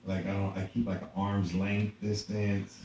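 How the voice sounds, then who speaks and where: A man talks casually and bluntly on a podcast, swearing freely. His voice is low and mellow. The recording picks him up from a distance in an echoey room, with a dull, lo-fi sound and a faint hiss behind him. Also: level tone, normal speed. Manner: laid-back, blunt, swearing. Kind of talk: casual chat.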